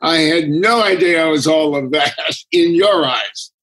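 A man in his nineties, a guest speaking from his home, unhurried and wry with soft chuckles. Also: a little high, rough recording. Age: 90s. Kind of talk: relaxed conversation.

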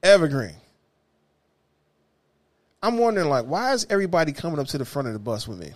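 A former bus driver with a Detroit accent hosts a podcast, swapping wild stories in casual chat. His slightly high voice moves a little fast, loud, profane and animated one moment, then sinking to mutters.

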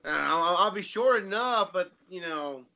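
A man's voice: sits high, expressive, normal speed, vocal fry, bright, forceful tone, lo-fi sound. A man in casual chat, laid-back and swearing often, talking about cosplay.

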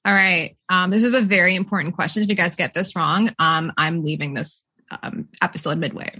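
Bright, giggly woman hosting a quiz. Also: fairly low pitch, fairly even intonation, brisk, breathy edge. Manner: giggly, teasing quizmaster. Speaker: trivia quiz host. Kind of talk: casual podcast chat.

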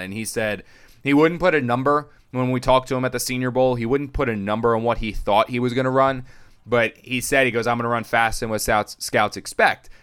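A young man chatting casually on a sports podcast, telling stories and acting out what others said with big jumps in his voice. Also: clear, resonant tone. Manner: animated storyteller, acts out quotes with big pitch jumps. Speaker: sports reporter and podcast guest.

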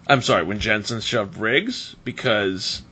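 A man co-hosting a podcast in casual chat, animated and laughing often. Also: lowish voice, measured pace, breathy edge. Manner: animated, laughs often, quotes others in mock voices. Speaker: podcast co-host.

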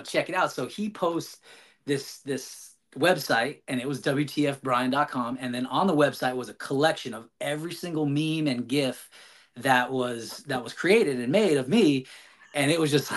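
A man guest on a podcast, telling a long story casually with many fillers and restarts. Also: on the high side. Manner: animated, rambling, frequent fillers and restarts.

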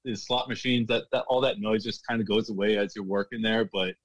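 A man's voice: fairly low pitch, fairly even intonation, a little fast, no echo, low-quality recording. A man working as a bartender, telling stories casually in an interview, laughing often and restarting his sentences. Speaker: guest, former casino bartender.

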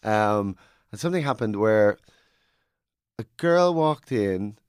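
A man's voice: lowish voice, slow, clean tone, dry recording, studio quality. Man telling stories in casual chat. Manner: animated storyteller, acts out quotes. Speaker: stand-up comedian.

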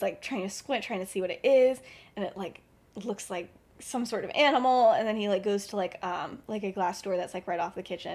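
On a podcast, a young woman co-host with a medium-pitched, slightly breathy voice chattily retells her fan-fiction story. She fills her talk with "like" and "um" and laughs a lot.

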